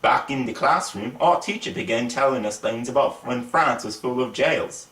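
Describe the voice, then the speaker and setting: A man's voice: medium pitch, moderate pace, echoey room, distant mic. A man reading a children's story aloud in a put-on British accent, voicing each character as he goes. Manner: lively, voices the characters. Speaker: reader of a children's book.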